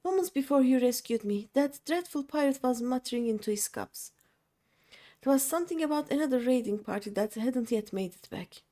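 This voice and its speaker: A woman's voice: sits high, expressive, brisk, dark tone, voice pushed up. A woman reading game lines for a young freed captive who speaks politely and earnestly, pleading for help. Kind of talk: reading game dialogue aloud.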